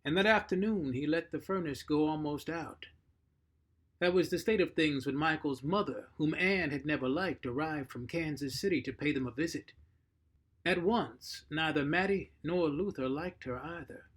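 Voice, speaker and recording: A man reading a short story aloud, measured and expressive. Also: on the high side. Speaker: narrator.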